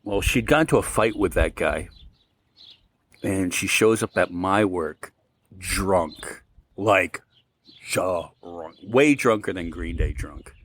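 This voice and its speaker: Speaking slowly in a low voice, a man co-hosting a podcast tells a long, rambling tale and performs the quoted lines with animation. Slight background noise is audible.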